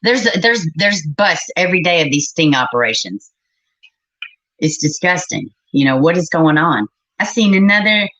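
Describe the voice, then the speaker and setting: A middle-aged woman hosts a casual livestream, talking bluntly to her chat and cursing in exasperation. Her voice sits on the low side. The recording is a little dull and muffled. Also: very animated, moderate pace, a bit bright. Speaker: livestream host.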